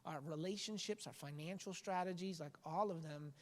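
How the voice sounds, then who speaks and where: A man's voice: a little high, normal speed, in a large hall. A man who is a pastor talks in a casual podcast discussion. He is earnest and a bit preachy, and he often restarts his sentences.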